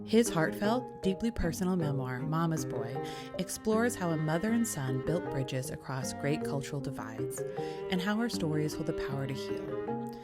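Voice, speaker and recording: Woman with a very low voice, upbeat. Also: expressive, normal speed. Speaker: podcast host. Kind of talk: scripted introduction. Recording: music bed underneath.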